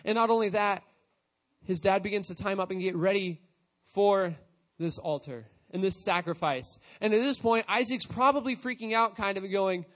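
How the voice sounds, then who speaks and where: High-voiced man telling a Bible story. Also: moderate pace. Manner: casual, animated retelling with quoted voices. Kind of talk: storytelling sermon.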